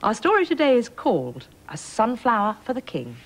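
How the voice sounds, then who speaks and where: A woman presenter narrating a children's storybook in an expressive, storytelling manner. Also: on the high side, moderate pace, breathy edge.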